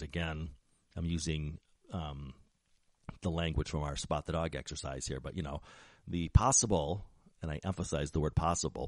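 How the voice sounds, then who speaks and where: A man hosting a talk show, explaining ideas in a measured, lecturing way with frequent ums and restarts. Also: sits low, no room sound, clean studio sound. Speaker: podcast host, criminologist.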